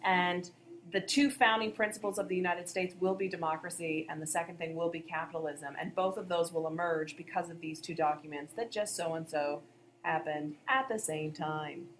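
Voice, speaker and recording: A woman's voice: fairly low pitch, steady tone, normal speed, fairly bright tone, slight background noise. A woman co-hosting a history podcast, explaining events in a conversational way. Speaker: history teacher, podcast co-host. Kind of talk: educational podcast discussion.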